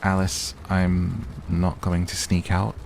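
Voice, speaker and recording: Brief: a dry, stubborn teen girl read by a man in a deep, gravelly, unhurried whispered role-play. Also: completely flat delivery, slight background noise, exaggerated voice. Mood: wry. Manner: soft, slow, barely acted. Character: teenage girl narrator, wry and stubborn.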